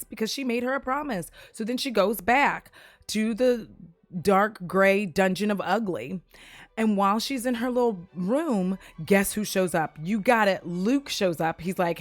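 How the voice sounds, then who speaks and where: A woman casually recapping a movie, profane, giggly and animated as she tells the story. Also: mid-range voice, moderate pace, dry recording.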